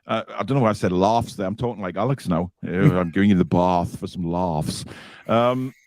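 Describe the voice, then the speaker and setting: A man's voice: low-pitched, moderate pace, a little mellow. A man hosting a casual live fan show, reading out viewer comments and teasing his co-hosts. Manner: teasing, jokey, reads comments aloud.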